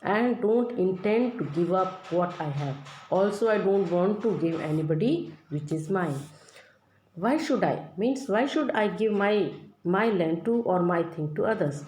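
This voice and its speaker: A woman's voice: medium pitch, animated, moderate pace, darkish tone. A woman teacher going through a play line by line, reading each line and then paraphrasing it in plain words. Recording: echoey room with faint noise.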